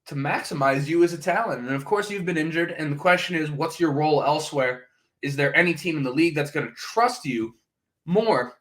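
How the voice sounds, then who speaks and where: A man's voice: a little high, fairly bright tone. A man hosting a podcast, giving casual fan commentary and thinking aloud, often hedging with "right?" and "uh". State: sipping coffee, brief cough. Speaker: podcast host.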